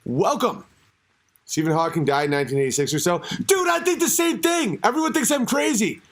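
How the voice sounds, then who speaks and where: High-voiced man ranting profanely. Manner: profane, rambling and animated. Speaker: show host. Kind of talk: comedic podcast rant.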